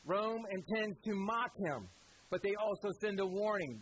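A man preaching a sermon, pausing for effect and repeating phrases for emphasis. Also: high-pitched, animated, a little hiss or hum, low-quality recording.

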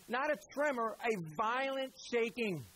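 Husky-voiced man preaching a sermon. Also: very high-pitched, unhurried, sharp tone, poor audio. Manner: conversational storytelling, addresses listeners as "guys".

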